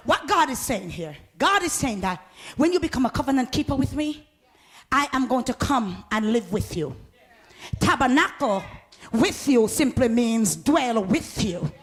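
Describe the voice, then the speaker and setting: Fervent high-pitched woman preacher. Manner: fervent, swings from talk to shouting; laughs often, calls on the congregation. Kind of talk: sermon.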